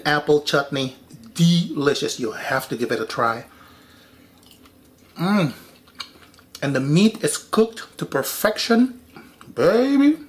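A man hosting his own home cooking vlog from his kitchen, flamboyant and sassy, calling viewers "honey" and "baby" and breaking into frank rants. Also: a little high. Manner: frank, ranty asides to viewers. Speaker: home cooking show host. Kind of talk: casual cooking vlog to camera.

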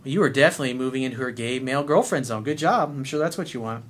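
A man's voice: very fast, slight background noise. A middle-aged man coaching on dating, reading a listener's email and answering with playful, teasing remarks. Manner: playful, teasing, switches to a low crooning voice.

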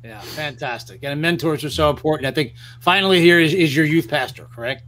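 Higher-voiced man hosting a live interview. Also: brisk, fairly bright tone. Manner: upbeat, prompting. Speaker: host. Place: remote live stream.

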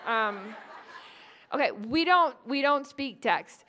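A woman in her forties from New England gives a conference lecture in a high-ish voice. She keeps the audience engaged with lively, joking asides. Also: takes it slowly, a little hiss or hum. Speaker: psychology professor giving a talk.

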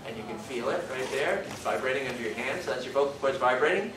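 A man's voice: medium pitch, lively intonation, quick pace, far from the mic, noisy background. Man lecturing in an echoey hall. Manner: explanatory, thinks aloud, demonstrates vowel sounds. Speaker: university lecturer. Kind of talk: classroom lecture.

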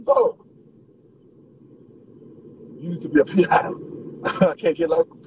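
A man's voice: high-pitched, moderate pace, pauses often, muffled recording, a little hiss or hum. A man chatting casually on a livestream, greeting viewers by name and laughing often as he talks to them. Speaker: livestream host.

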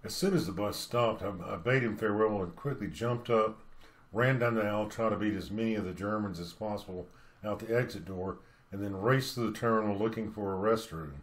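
A man in his seventies from the Southeastern United States, reflectively narrating a personal memoir in an unhurried storytelling way. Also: fairly low pitch.

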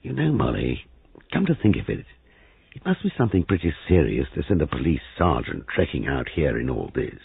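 Man playing a gloomy young husband, husky. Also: sits low, very animated, brisk, no room sound, exaggerated voice. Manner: rueful, gloomy. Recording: phone-like lo-fi reading.

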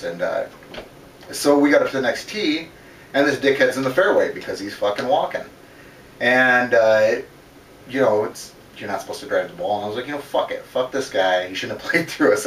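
A man spins crude fight stories in a relaxed, rambling way, full of fillers and profanity. His voice sits at an ordinary pitch and is picked up from some distance in an echoey room. Faint ambient noise hangs behind him. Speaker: interview guest. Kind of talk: casual storytelling.

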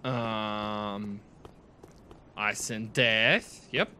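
A man giving casual gameplay commentary, excitable and chatty, talking to himself and his viewers as he plays. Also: fairly low pitch, extremely slow, a little hiss or hum. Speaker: let's play host.

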